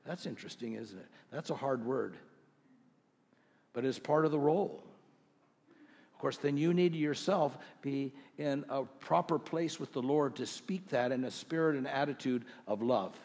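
A middle-aged male pastor preaching a sermon to his congregation, earnest, with rhetorical questions and slow scripture readings. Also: medium pitch, darkish tone, slightly rough, big-room sound. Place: church sanctuary.

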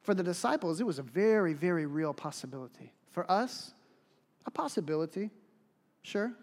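A man preaching a sermon as pastor, telling stories in an animated, emphatic way. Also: high-pitched, normal speed. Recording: long hall reverb.

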